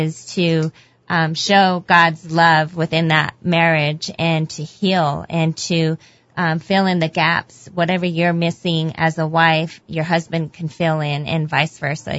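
Reflective female co-host, low-pitched. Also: level tone, measured pace, fairly bright tone, no echo, lo-fi sound. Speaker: radio co-host. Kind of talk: faith-based call-in talk.

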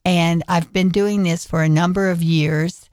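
A woman guest in a radio studio, speaking in a slow, earnest way with pauses. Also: fairly low pitch, steady tone, a little mellow, no room sound. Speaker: guest performer. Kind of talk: radio interview.

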